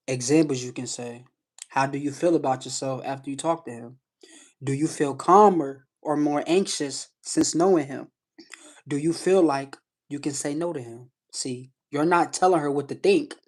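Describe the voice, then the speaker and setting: Emphatic man coaching callers live. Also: mid-range voice. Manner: emphatic, repeats "you know what I'm saying". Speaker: live stream host giving advice. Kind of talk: casual coaching talk to callers.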